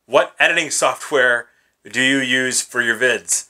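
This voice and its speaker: Bright-voiced upbeat man hosting a vlog. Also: mid-range voice, a little slow. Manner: upbeat, chatty, filler words like "kinda" and "uh". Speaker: YouTube channel host. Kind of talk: casual Q&A vlog. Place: small home studio with gear bins behind.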